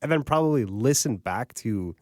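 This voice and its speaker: A man's voice: mid-range voice, expressive, normal speed, no echo, studio quality. A man co-hosting a podcast discussion about audiobooks, chatty and self-deprecating. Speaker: podcast co-host. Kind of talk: casual panel discussion.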